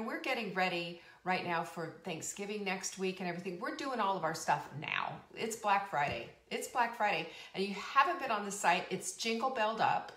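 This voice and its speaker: With a lowish, slightly bright voice, a woman in her fifties chats on her live cooking and wellness show. She rambles in a bubbly way, laughing often and repeating things for emphasis, in a roomy, echoing recording.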